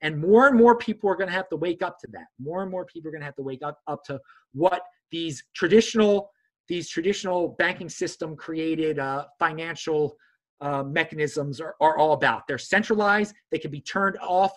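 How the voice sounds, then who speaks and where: A man hosting a casual chat, talking in an animated way and mocking others in a high voice. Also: moderate pace. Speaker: host.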